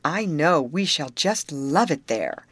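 Enthusiastic teen girl read by a woman, lively, slightly raised voice, storybook audiobook. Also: deep voice, slow pace, husky, no echo, heavily acted. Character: excited teenage girl, enthusiastic chum.

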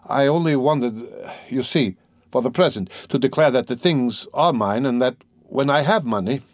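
A man's voice: mid-range voice, lively intonation, moderate pace, dry recording, pitched above the performer's own voice, natural voice. A man reading a nervous, evasive young student. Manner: hesitant, anxious, fake-casual.

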